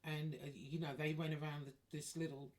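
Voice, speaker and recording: A woman's voice: low-pitched, flat delivery, a little fast. A woman telling a personal story in a chatty, wry way, swearing freely. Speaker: vlogger. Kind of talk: casual storytelling.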